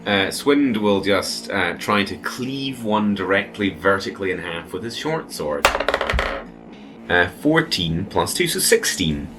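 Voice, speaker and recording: A man's voice: low-pitched, lively intonation, a little slow, over music. A man playing a tabletop role-playing game, hesitant with fillers and laughter, describing his character's actions. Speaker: player.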